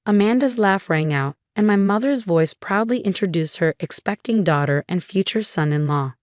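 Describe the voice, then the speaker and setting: A woman reading a scripted first-person story in an even, measured way. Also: mid-range voice, dry recording, clean studio sound.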